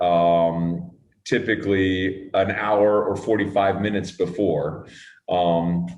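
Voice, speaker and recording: A man's voice: low voice, steady tone, slow, darkish tone, echoey room, muffled recording. A man being interviewed as a guest, talking thoughtfully with many fillers and restarts and some casual swearing. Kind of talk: relaxed conversational interview.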